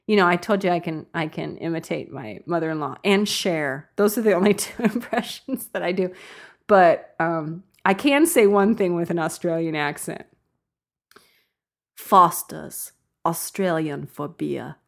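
Woman podcast host, bubbly and chatty, laughs a lot, fairly low voice. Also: animated, moderate pace. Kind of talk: casual chat.

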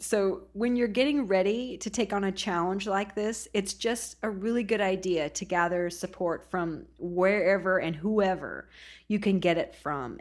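A woman hosting a podcast, speaking casually and laughing often. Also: fairly low pitch. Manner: warm, laughing, emotional. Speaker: podcast host. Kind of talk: casual narration.

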